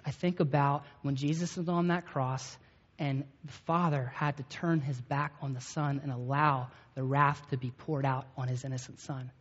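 A man's voice: on the high side, breathy edge. A man in his thirties preaching a sermon in a conversational, storytelling way, often checking in with the listeners. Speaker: pastor. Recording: echoey hall, dull lo-fi sound.

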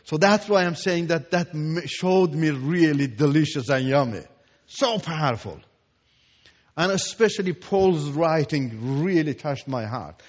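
Man, fairly high voice, emphatic preached testimony, long hall reverb. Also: animated, measured pace. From Iran. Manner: emphatic, repeats words for stress, swings from hushed to loud. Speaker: Christian teacher giving testimony. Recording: echoey hall, dull lo-fi sound.

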